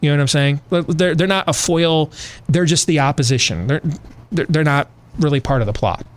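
A man's voice: fairly high pitch, moderate pace. Emphatic male talk radio host. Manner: emphatic, addresses listeners directly. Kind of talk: opinionated commentary.

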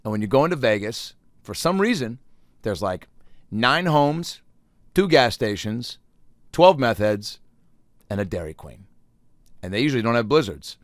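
Profane rambling man, lively pitch. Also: moderate pace, pauses often, dry recording, studio quality. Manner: rambling, profane, bursts into loud acted-out quotes. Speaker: comedian. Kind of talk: casual comic monologue.

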